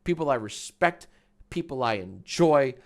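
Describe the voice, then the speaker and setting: A man's voice: medium pitch, expressive, measured pace. A man chatting casually on a live stream, rambling and swearing as he reads out the chat.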